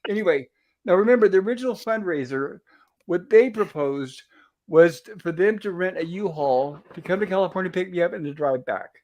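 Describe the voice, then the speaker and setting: Man, high voice, livestream host, rambling storyteller, casual chat. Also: animated, fairly quick, darkish tone.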